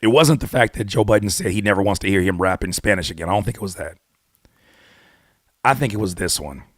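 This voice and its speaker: A man hosting his own channel, giving blunt, animated hip-hop commentary full of rhetorical questions and casual swearing. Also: fairly low pitch, quick pace, dry recording, studio quality. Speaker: YouTube host and rapper. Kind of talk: opinionated music commentary.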